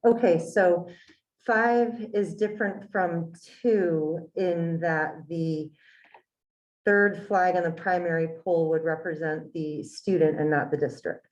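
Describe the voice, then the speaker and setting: Low-pitched woman at a board meeting, keeps asking questions to get it straight, muffled lo-fi sound. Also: fairly even intonation, takes it slowly, darkish tone. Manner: questioning, thinking aloud, apologetic. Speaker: committee member. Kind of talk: meeting discussion. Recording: dull lo-fi meeting recording.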